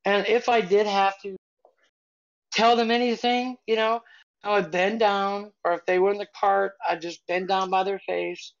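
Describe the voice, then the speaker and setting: An older woman co-hosting a podcast tells a story in a chatty, meandering way, restarting her sentences as she goes. Her voice has a gravelly, fry-tinged texture. The sound comes through a dull, muffled live-stream feed. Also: mid-range voice, steady tone, normal speed. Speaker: podcast co-host. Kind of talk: casual storytelling chat.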